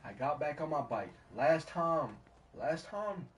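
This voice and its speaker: A man streaming a game and telling a story in rambling, slangy chat that often drops to low mutters. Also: animated, slow. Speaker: gaming streamer. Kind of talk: casual storytelling while gaming. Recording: distant mic, faint background hiss.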